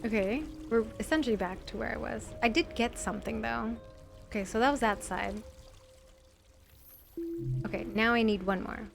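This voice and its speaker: A woman's voice: a little high, moderate pace, gravelly, long pauses, music in the background. A young adult woman giving casual, chatty let's-play commentary, giggling often and filling her talk with "like". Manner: chatty and giggly, full of "like" fillers. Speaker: video game streamer.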